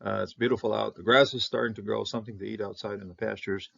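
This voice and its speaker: A man who grew up in Canada, teaching Hebrew Bible words in an informal lesson, halting with many fillers and sounding out the Hebrew slowly. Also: fairly low pitch, fairly even intonation, creaky, fairly bright tone, lo-fi sound.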